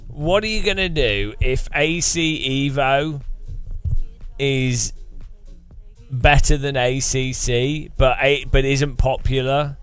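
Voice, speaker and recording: Streamer, man, loose joking ramble; crisp tone, slow delivery. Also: on the high side, a bit bright, no echo. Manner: rambling, joking, laughs often. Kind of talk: casual live-stream chat.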